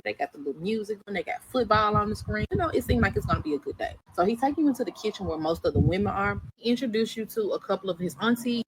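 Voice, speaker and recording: A woman's voice: mid-range voice, a little hiss or hum, rough recording. Sassy woman telling a story. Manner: sassy, profane, animated quoting of characters. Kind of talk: casual second-person storytime.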